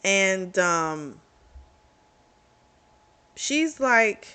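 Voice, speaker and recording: A book reviewer casually recapping a romance novel's plot, chatty, with quick reactions and laughs. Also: mid-range voice, pushed and bright.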